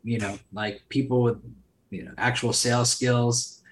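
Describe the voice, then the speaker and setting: A man's voice: mid-range voice, flat delivery, normal speed. A man talking as a podcast guest in casual chat, loose and rambling, full of fillers and swearing. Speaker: podcast guest, solar sales entrepreneur. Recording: roomy echo.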